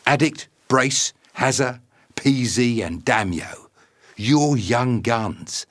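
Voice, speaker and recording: A man's voice: mid-range voice, animated, slow pace, fairly bright tone. A man delivering a brash, teasing comedic message full of swearing. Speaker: fighter sending a video message. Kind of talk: comedic scripted monologue.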